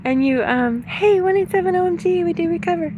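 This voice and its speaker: A middle-aged livestreamer with a high-pitched voice talks to her chat on an outdoor walk, a bit breathless, laughing easily and warmly thanking viewers by name as she rambles. The phone-mic recording is muffled, with faint outdoor sounds underneath.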